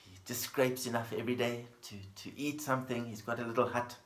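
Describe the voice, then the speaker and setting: A man teaching a dharma talk as a Buddhist teacher, speaking gently in a storytelling manner and repeating plain phrases. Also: mid-range voice, little pitch movement, quick pace, slight background noise. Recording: echoey room.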